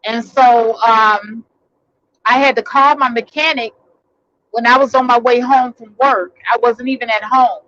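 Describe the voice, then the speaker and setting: Woman vlogger, high-pitched, casual rambling story, in a vehicle, muffled lo-fi sound. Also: fairly even intonation, measured pace, a bit bright. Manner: rambling, many fillers and restarts.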